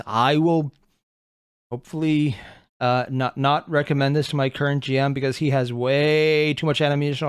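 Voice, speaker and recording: A reaction video host giving casual commentary, animated, thinking aloud and swearing often. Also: mid-range voice, no echo, studio quality.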